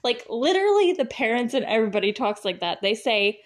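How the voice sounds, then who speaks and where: A woman's voice: on the high side, sing-song, a little fast. A woman hosting a podcast, chatting casually on her own, laughing often and filling her talk with "like" and "you know". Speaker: podcast host. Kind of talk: casual solo chat.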